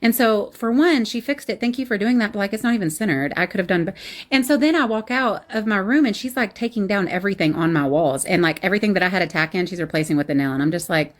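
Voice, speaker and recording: A woman's voice: mid-range voice, quick pace. A woman in her mid-thirties telling a bad-date story in casual chat, blunt, sassy and exasperated, with sarcastic asides. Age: 30s.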